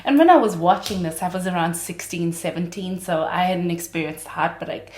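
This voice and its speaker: A low-pitched woman in her late twenties talks through a casual podcast monologue. She is a chatty, dramatic storyteller who laughs easily. Her voice rings around a roomy, echoey space. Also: moderate pace, a little mellow. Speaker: podcast host.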